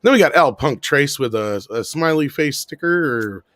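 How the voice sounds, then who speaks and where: Lively man hosting a casual podcast. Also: mid-range voice, normal speed, no echo. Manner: loose, joking, reads out viewer messages. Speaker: podcast host. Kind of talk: casual profane podcast chat.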